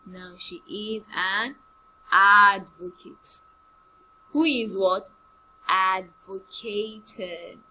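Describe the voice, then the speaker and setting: Slow, bright-voiced woman teacher. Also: medium pitch, poor audio. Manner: slow, drilling words by repetition with example sentences. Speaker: primary school English teacher. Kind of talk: online class lesson.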